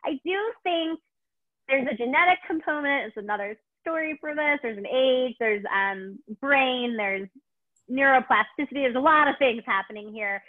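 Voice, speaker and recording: This is a woman with a Chicago accent, a dog trainer answering questions in a webinar. Her voice sits a bit high and comes through a thin, phone-like call line. She gushes and rambles, filling pauses with ums. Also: animated. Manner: gushing, rambling, many ums. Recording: tinny phone-like call audio.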